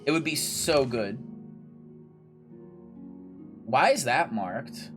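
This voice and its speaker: A man's voice: medium pitch, expressive, extremely slow, music in the background. A young man casually commentating his gameplay, chatty and jokey, swearing freely and talking to himself and the game characters. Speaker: gaming video creator.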